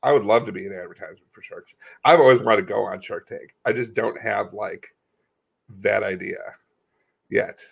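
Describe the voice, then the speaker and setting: A man's voice: fairly low pitch, moderate pace, gravelly, slightly rough. A man co-hosting a comedy podcast, chatting casually in a rambling, joking way with plenty of swearing. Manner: rambling, swears, laughs often. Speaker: podcast co-host.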